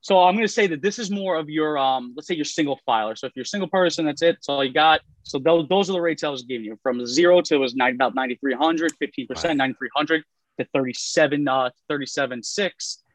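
A man with a fairly high voice explains tax brackets in easy, casual talk. He fills his sentences with "uh" and "like". The sound is dry and close to the mic. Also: fast talker, dry recording, poor audio. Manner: explaining numbers with many fillers. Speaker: tax professional guest.

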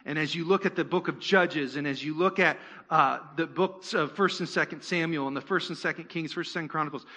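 A man's voice: a little high, a little fast, sharp tone. A man preaching a sermon as pastor of a church, conversational, asking the congregation rhetorical questions and slipping in joking asides.

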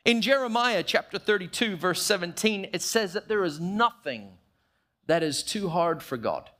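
A man preaching a sermon, emphatic, slowing down to stress key phrases and acting out short quoted prayers. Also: sits high, animated, pushed and bright. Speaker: pastor.

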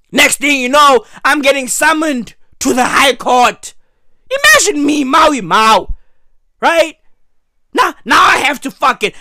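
A hoarse man with a South African accent delivering a profane, comedic political rant, switching between English and Zulu slang. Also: very high-pitched, sharp tone, dry recording, studio quality. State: hoarse, clearing throat. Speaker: vlogger.

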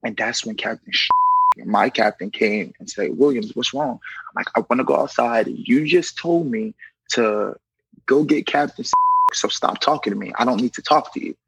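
A young correctional officer with a gravelly, husky, mid-range voice tells a personal story casually at normal speed, animatedly acting out what others said and saying "you know" often. The recording is rough, without echo.

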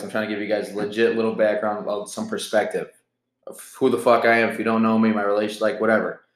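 A man in his twenties hosts a casual solo podcast, rambling candidly and profanely while jittery from caffeine. His voice sits on the low side, and the low-quality recording sounds reverberant.

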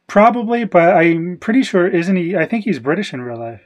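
A man's voice: high voice, sing-song, moderate pace. A man co-hosting a podcast, discussing a film casually and second-guessing himself as he thinks aloud. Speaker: podcast co-host.

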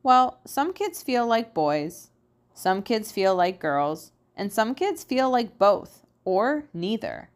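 Woman doing a gentle teacher, patient, explaining, lively pitch, storybook. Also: slow pace. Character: kind, patient female schoolteacher.

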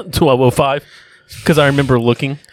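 A man's voice: medium pitch, moderate pace. A man telling work stories in casual podcast chat, swearing often and acting out quotes between laughs. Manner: animated, swearing, acts out quotes while laughing. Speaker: podcast guest.

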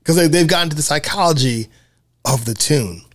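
A man hosting a podcast, chatting casually about a film, animated and laughing often. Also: fairly high pitch, fairly quick, no echo. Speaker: podcast host.

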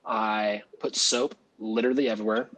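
A man, a former valet, telling a story as a guest, animated, laughing often and acting out other people's voices. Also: on the low side, normal speed, slightly rough, rough recording. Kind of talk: casual storytelling.

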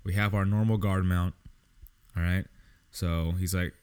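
A man's voice: sits low, fairly even intonation, unhurried, long pauses, darkish tone, smooth. A young man casually telling a story as a podcast host, swearing freely and sounding exasperated. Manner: profane, exasperated, lots of swearing.

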